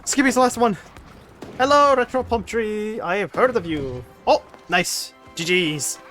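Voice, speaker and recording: A man streaming a game live, chatting to viewers with frequent laughter and excitable outbursts. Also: high voice, unhurried, soft background music. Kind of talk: live gameplay commentary.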